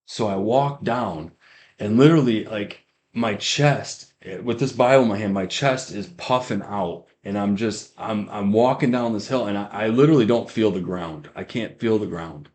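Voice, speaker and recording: A young man with a fairly low voice tells his story of faith for a podcast. He rambles, trips over his words and restarts sentences again and again as he goes. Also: normal speed, a little mellow. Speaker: guest giving a testimony. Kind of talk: personal testimony on a podcast.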